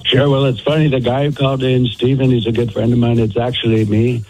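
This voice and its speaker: A man's voice: medium pitch, level tone, a little fast, darkish tone, soft background music, natural voice, low-quality recording. A man doing an impression of a boastful older male politician, rambling and repetitive.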